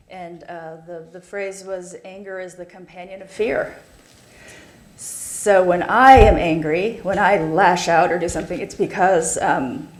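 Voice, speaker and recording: A woman's voice: fairly low pitch, darkish tone. Reflective woman in an echoey room. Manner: hesitant, reflective, many fillers. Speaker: carepartner panelist. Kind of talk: panel talk.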